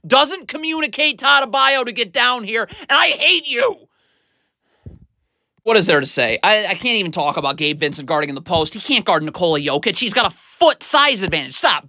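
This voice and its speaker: A man with a bright, forceful voice talks through game film in a scolding, exasperated tone. He is recorded close and dry, with no room sound. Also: extremely high pitch, dry recording. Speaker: basketball film analyst. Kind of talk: video breakdown commentary.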